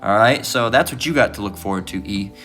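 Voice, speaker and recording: A man's voice: on the low side, a little fast, pushed and bright, soft background music. A man giving an informal preaching lesson, emphatic and profane, who keeps asking "all right?".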